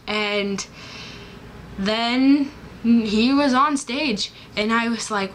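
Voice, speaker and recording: A woman's voice: on the high side, fairly even intonation, takes it slowly, fairly bright tone, slight background noise, poor audio. A young woman vlogging in a bubbly, rambling way, full of fillers and restarts. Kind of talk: casual chatty vlog.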